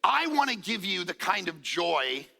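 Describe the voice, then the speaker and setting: A high, gravelly man's voice, bright and forceful, delivering an animated sermon. He tells a story, acts out what people said, and jokes along the way. A long reverb from the church hall trails each phrase. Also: a little slow. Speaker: pastor. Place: church auditorium.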